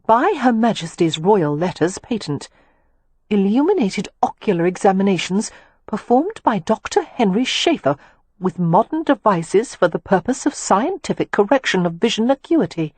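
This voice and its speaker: A woman narrator voicing a sharp, skeptical young lady companion with a prim, questioning manner. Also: medium pitch, sing-song, moderate pace, slightly rough, no room sound, pitched above the performer's own voice. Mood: flustered.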